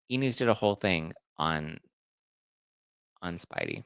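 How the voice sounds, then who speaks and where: Chatty gossipy man with a lowish voice. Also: lively intonation, normal speed, clear, resonant tone, dry recording, clean studio sound. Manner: chatty, gossipy, talks to viewers while reacting to photos. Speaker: host. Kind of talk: celebrity gossip commentary.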